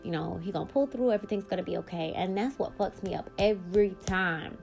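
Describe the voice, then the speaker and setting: A woman's voice: mid-range voice, fast talker, gravelly, a little mellow, faint music behind. Blunt, cursing woman podcaster. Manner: blunt and profane, emphatic bursts. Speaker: podcast host. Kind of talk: candid personal storytelling.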